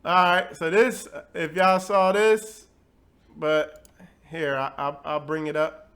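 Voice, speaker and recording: A man with a high voice hosts a casual webcast, drifting through thoughts with fillers and quick asides. He keeps it loose and conversational. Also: level tone, fairly bright tone. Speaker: host of a bible teaching webcast.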